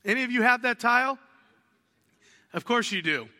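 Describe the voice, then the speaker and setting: A man preaching a sermon as a pastor, telling lively stories and acting out little household conversations. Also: very high-pitched, normal speed, in a large hall. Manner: animated storytelling, acts out household dialogues.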